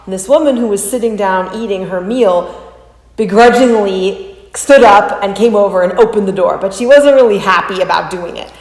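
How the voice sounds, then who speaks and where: A woman in her thirties hosting a reaction video, telling a personal story with animated delivery and acting out other people's voices. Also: medium pitch, moderate pace. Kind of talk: casual reaction commentary. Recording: roomy, echoey room.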